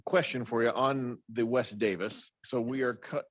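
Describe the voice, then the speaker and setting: A man chairing a council meeting, asking questions in a halting way and repeating words as he thinks. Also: mid-range voice, fairly even intonation, dry recording.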